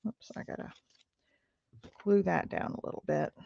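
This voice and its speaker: A middle-aged woman hosts a crafting livestream, chatting and rambling with plenty of fillers while she works. Her voice has a gravelly edge, sitting in a middle register. The sound is dry and a little dull, like a home setup. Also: lowish voice, normal speed, mellow, dry recording. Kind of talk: casual storytelling while crafting.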